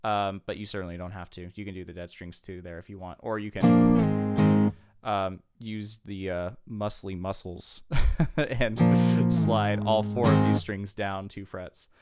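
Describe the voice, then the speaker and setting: A man with a lowish voice talks through a guitar lesson in an easy, patient way. Loud guitar strumming plays under his voice throughout. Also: measured pace. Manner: relaxed, patient, counts beats aloud. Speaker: guitar teacher. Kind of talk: casual guitar tutorial. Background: guitar playing.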